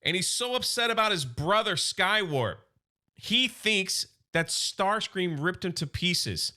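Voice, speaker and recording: A man casually recapping a comic book story for his channel, excitable and loose, with quick asides. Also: high-pitched.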